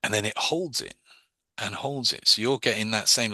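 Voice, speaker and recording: A man teaching hypnosis in a casual online class, talking conversationally with quick asides over a video call. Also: medium pitch, steady tone, pushed and bright, dry recording.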